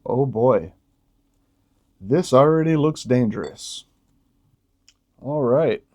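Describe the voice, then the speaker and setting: A man from New York State doing a casual, jokey vlog as he tastes beers, exclaiming at each sip. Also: mid-range voice. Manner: relaxed, jokey, exclaims while tasting. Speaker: beer vlogger.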